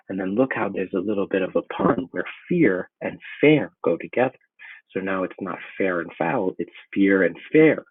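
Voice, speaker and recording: A man's voice: lowish voice, slightly rough, no echo. A man explaining a play in a casual, eager way, reading lines aloud and breaking them down. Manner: casual, enthusiastic explaining with filler words. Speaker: teacher. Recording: tinny phone-like sound.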